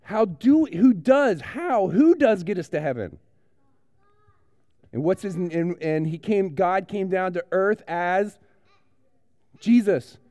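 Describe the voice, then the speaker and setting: A young adult man, a pastor telling a playful story to children during a sermon, with lively, direct questions to the kids. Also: high voice, slow, pauses often, dry recording, dull audio.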